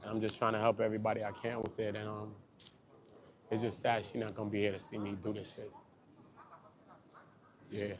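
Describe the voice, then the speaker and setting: A man livestreaming outdoors on a busy street, talking loud, joking and cursing as he hypes up people around him. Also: fairly low pitch, fairly quick, pauses often, crowd noise. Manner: animated, profane, joking, hypes up passersby. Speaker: livestreaming vlogger.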